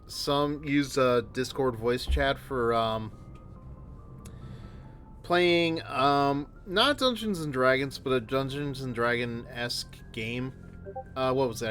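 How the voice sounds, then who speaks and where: A man's voice: medium pitch, expressive, unhurried, a bit bright, faint music behind. A man in his thirties who rambles, full of fillers, while streaming a game at home on a desktop microphone. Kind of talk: casual gameplay commentary. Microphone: desktop microphone with headphones.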